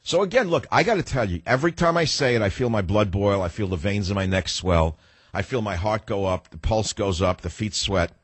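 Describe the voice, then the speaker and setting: A man's voice: lowish voice, animated, a little fast, husky, dry recording. An older man in his sixties hosting a talk radio show, delivering a combative, ranting monologue that turns reflective at times. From United States.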